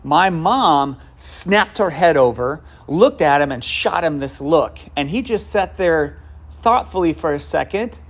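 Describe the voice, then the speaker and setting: A man's voice: a little high, lively intonation, a little slow. A man preaching a sermon in a conversational way, with asides, restarts and questions to the congregation. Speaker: pastor.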